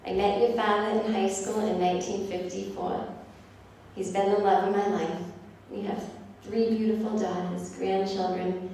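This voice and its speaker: A woman's voice: mid-range voice, flat delivery, moderate pace, vocal fry, mellow, distant mic, natural voice. A woman as an earnest older mother, lecturing, protective, echoey room, faint hum. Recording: echoey live club, faint noise.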